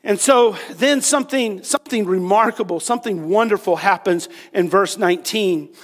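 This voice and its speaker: A man preaching with a notably high voice, casual and joking as he retells the story, full of "you know" and "um". His words ring out with a long reverb, as in a large church sanctuary. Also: normal speed. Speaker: pastor. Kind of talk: sermon.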